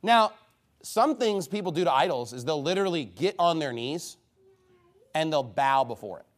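A man's voice: on the high side, expressive, moderate pace. A man preaching a heated, combative sermon, scornful of his opponents.

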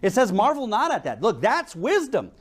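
Male preacher, young adult, higher voice, animated swings, anecdotal sermon delivery with rhetorical questions. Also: normal speed, slightly rough.

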